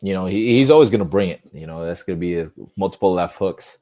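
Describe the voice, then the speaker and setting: A man co-hosting a boxing podcast, talking in a relaxed, rambling way with lots of filler words. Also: low voice, quick pace. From Philippines. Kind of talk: casual chat.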